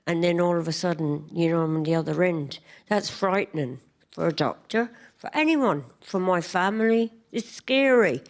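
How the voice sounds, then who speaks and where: An Irish woman giving a personal testimony talk at a conference, telling her story in a lively, chatty way with quick asides. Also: fairly low pitch. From Ireland. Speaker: conference speaker.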